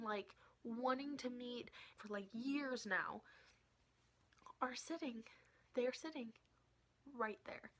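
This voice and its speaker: A young woman tells an excited story straight to her camera at home, giggling often and slipping into whispers. Her voice is bright and sharp, sits a little high, and has a gravelly fry. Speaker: vlogger. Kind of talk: casual storytime.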